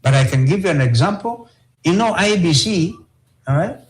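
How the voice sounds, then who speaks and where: A man's voice: fairly high pitch, animated, moderate pace, rough recording. A man with a Kenyan accent, an opposition politician answering interview questions emphatically, repeating key phrases and checking in with "all right?".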